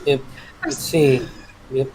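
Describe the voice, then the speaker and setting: A man's voice: mid-range voice, slow pace, darkish tone, husky, poor audio. A man with a slight Texan accent chatting in a laid-back way while streaming a game. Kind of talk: casual chat while gaming. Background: game music.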